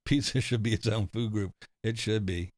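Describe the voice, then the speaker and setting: A man's voice: on the low side, steady tone, moderate pace, no room sound, clean studio sound. A middle-aged man from the United States, hosting a casual livestream chat, rambling and often laughing and swearing. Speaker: livestream host reading chat.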